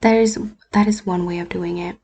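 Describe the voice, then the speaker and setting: A woman whose first language is not English, talking through a screen-recorded editing tutorial in a relaxed, often half-whispered way. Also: on the low side, moderate pace, slight background noise. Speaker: YouTuber. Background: faint keyboard and mouse clicks.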